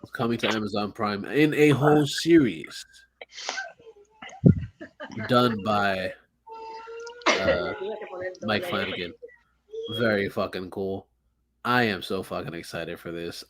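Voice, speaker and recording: A man hosting a podcast in casual chat, excitable and profane, rambling with frequent restarts. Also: lowish voice, a little slow, pauses often, crowd noise. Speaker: podcast host.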